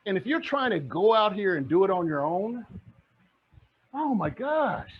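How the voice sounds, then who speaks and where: Fired-up preacher-like man, husky voice. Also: high voice, sing-song, a little slow. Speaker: real estate investor and mentor. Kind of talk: motivational presentation. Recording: muffled lo-fi audio.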